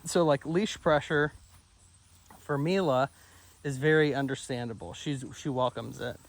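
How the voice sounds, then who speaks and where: A man working as a dog trainer, coaching an owner outdoors in an upbeat way, laughing often. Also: measured pace. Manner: upbeat, laughs often, breaks into high excited praise for the dogs. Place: outdoors near a pond.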